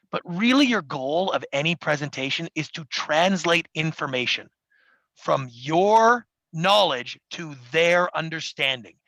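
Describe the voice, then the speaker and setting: Gravelly bright-voiced man, animated. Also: a little high, no echo, poor audio. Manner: acts out quoted people in quick voices. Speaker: podcast guest, TV producer. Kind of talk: animated interview talk. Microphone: studio mic.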